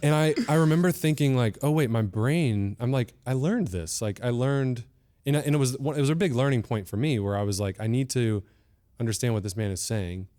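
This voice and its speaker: A man hosting an interview podcast and telling stories from his acting training in a casual, animated way, acting out the voices of the people he quotes. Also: mid-range voice, brisk. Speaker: podcast host and actor.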